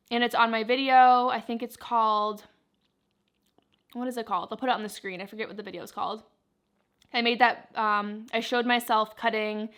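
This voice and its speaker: A woman's voice: on the high side, fairly bright tone. A young woman vlogger chatting casually, answering viewer questions while she eats. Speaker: plant vlogger.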